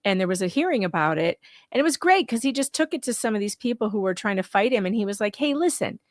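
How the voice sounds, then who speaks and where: A woman's voice: medium pitch, expressive, fast talker, no echo. An emphatic woman speaks on a live stream, stacking short punchy statements with indignant conviction. Her voice sits in a mid range and sounds dry and close to the mic. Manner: emphatic, indignant, repetitive lists. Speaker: YouTube commentator, guest co-host. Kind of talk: casual live-stream chat.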